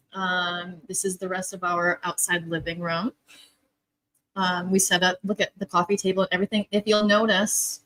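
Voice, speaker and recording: A woman's voice: medium pitch, fairly bright tone, rough recording. Woman co-host rambling on a livestream, messing with the tech. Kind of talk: casual livestream chat.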